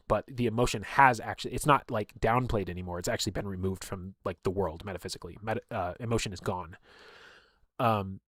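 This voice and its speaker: A man's voice: lowish voice, dry recording, clean studio sound. A man telling stories in casual chat, rambling with many fillers and openly emotional. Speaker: streamer and game player.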